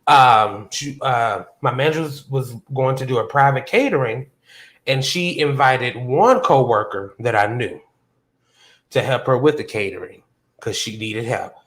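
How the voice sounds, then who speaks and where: Animated man telling a story on a live show. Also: a little slow. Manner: animated storyteller, jumps high for quoted reactions. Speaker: podcast host. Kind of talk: casual livestream chat. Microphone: phone on a hotspot.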